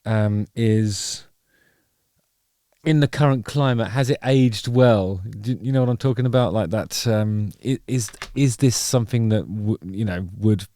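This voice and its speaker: Middle-aged man, lowish voice, wry rambling reaction commentary, dry close sound. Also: a little slow, mellow, dry recording. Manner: rambling and wry, with playful digressions. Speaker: music video reaction host.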